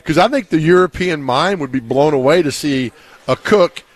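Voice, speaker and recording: A man's voice: a little high, animated, moderate pace, no echo. A man hosting a casual sports radio show, telling stories and teasing his co-host.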